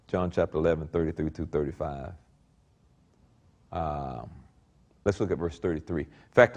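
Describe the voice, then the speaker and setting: A middle-aged male pastor reads scripture aloud during a sermon and comments on it, his darkish voice swinging from low murmurs to high exclamations.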